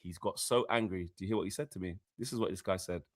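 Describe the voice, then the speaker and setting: A man co-hosting a casual football podcast, telling stories in an animated, slangy way. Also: sits low, fast talker. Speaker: co-host.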